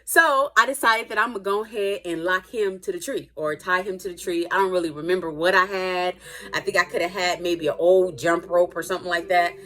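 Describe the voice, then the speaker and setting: An adult woman telling a personal story in a casual, animated and dramatic way, with playful asides. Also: lowish voice, brisk. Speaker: storytime vlogger.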